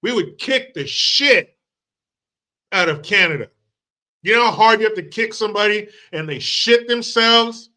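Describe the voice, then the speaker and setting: A crude, sarcastic man hosting a commentary channel and ranting about politics with plenty of swearing and mockery. His voice is a little high and bright. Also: expressive, unhurried. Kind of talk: profane political rant.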